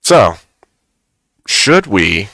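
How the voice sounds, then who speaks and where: A man's voice: lowish voice, very animated, very slow, creaky, bright, forceful tone, no room sound. A man hosting a live stream, chatting casually and joking with much laughter.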